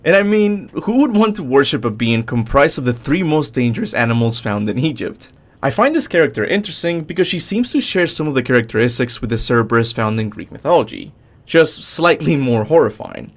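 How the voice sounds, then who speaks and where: A man hosting a gaming channel, reading a scripted top-ten commentary with upbeat emphasis. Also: fairly quick. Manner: lively, swooping pitch with upbeat emphasis.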